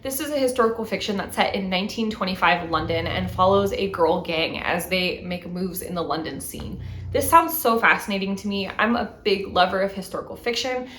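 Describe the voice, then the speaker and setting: A woman's voice: mid-range voice, brisk, fairly bright tone, echoey room, a little hiss or hum. A woman in her thirties hosting a book haul vlog, chatting eagerly about each new book. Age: 30s. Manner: enthusiastic, talks through each book and reads back covers. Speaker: book channel host.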